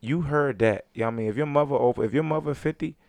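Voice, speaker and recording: A man's voice: medium pitch, very fast, a little mellow, no echo. A man co-hosting a podcast, chatting casually in a laid-back, rambling way, with plenty of swearing. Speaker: podcast co-host. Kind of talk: casual chat.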